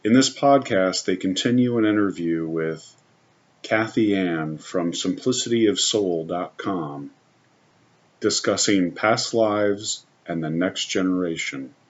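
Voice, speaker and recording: Male announcer, deep voice, measured scripted intro, muffled audio. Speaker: podcast announcer. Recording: dull lo-fi audio.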